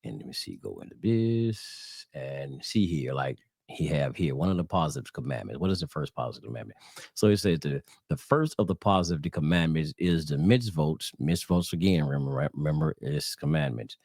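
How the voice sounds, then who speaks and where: Very deep-voiced Southern man, dry sound. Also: animated, normal speed, creaky, darkish tone, no echo. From Southern United States. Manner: rambling, addresses viewers as y'all, many fillers and restarts. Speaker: religious channel host. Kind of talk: casual religious teaching.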